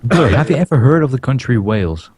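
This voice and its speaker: A man's voice: medium pitch, big pitch swings, fast talker, a little mellow, husky, dry recording. A young man chatting casually on a podcast, teasing and pushy. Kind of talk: casual chat.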